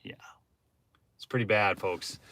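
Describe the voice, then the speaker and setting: A man's voice: a little slow, no echo. Chatty man ranting to his viewers. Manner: chatty, talks straight to viewers, asks the chat questions; swings from low muttering to loud exclamations. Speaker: livestream host. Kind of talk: rambling political livestream rant.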